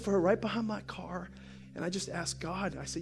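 A man preaching a sermon, telling a story with jokes before dropping to a soft, prayerful tone. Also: high voice, steady tone, moderate pace, creaky, over music. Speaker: pastor. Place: church sanctuary.

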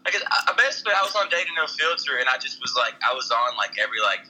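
A man's voice: medium pitch, very fast, low-quality recording. A young man with a Southern accent, a comedian chatting casually on a podcast, telling rambling, profane stories. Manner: rambling, profane, animated storytelling. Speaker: comedian guest.

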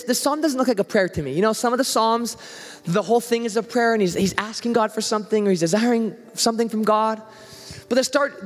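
A man's voice: extremely high pitch, in a large hall. A man who is a youth pastor, preaching a conversational sermon and acting out the prayers and voices he quotes.

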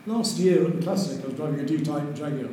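An older man, telling lively anecdotes as an interview guest and chuckling through them. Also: fairly high pitch, a little fast. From Lancashire, England. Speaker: interview guest, racing driver. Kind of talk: anecdotal storytelling. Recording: very echoey room with faint noise.

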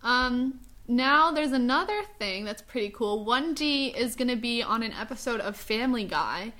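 A woman's voice: fairly high pitch, expressive, normal speed, pushed and bright. A young woman hosting a casual fan podcast, chatty and full of fillers. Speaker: host.

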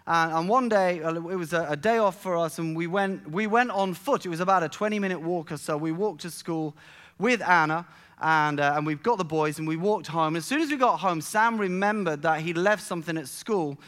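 A middle-aged man preaching a sermon, telling a family story with halting restarts and emphatic build-ups. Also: on the high side, fairly bright tone. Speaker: pastor.

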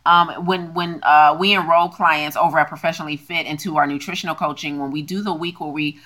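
A woman's voice: low voice, steady tone, fairly quick, pushed and bright. A woman co-hosting a casual podcast as a health coach, talking in long, emphatic runs. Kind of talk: casual chat and show promotion.

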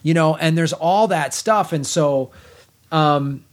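A middle-aged man co-hosting a podcast, reviewing a film in casual chat, blunt and animated, swearing freely and often restarting his sentences. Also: fairly high pitch, takes it slowly.

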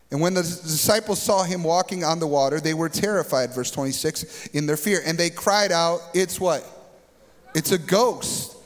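A man preaching a sermon as a pastor, retelling a scripture story dramatically and rising to emphatic peaks. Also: a little high. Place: church sanctuary stage. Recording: long reverb of a large hall.

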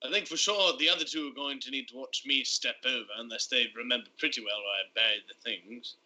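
A man's voice: medium pitch, quick pace, pushed and bright, poor audio. A man playing a tabletop game in a playful, jokey way. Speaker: player. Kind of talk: casual tabletop play.

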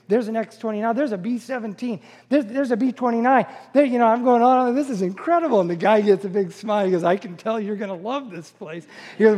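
A middle-aged man delivering a sermon in a church, his voice pitched high for a man. He tells stories with eager, animated enthusiasm. The sound carries a long reverb from a large hall. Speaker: pastor.

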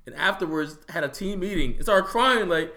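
A man in casual sports banter on a podcast, crude and animated, roasting people with laughs. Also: sits high, normal speed.

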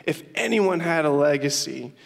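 A young man, a youth pastor, preaching a sermon and telling stories with lively emphasis and frequent laughs. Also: fairly high pitch, normal speed, creaky. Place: church hall with long reverb. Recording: reverberant church hall.

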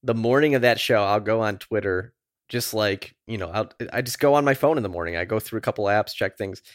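A man's voice: lowish voice, a little fast, no room sound, clean studio sound. A man co-hosting a podcast in a casual chat, rambling and laid-back with lots of fillers. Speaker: podcast co-host.

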